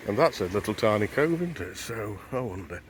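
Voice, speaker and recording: A man's voice: lowish voice, very animated, a little fast, a little hiss or hum. A man vlogging as he walks a beach at sunrise, chatting to camera and wondering aloud as he goes. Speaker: travel vlogger. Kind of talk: casual walking narration to camera. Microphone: handheld camera while walking.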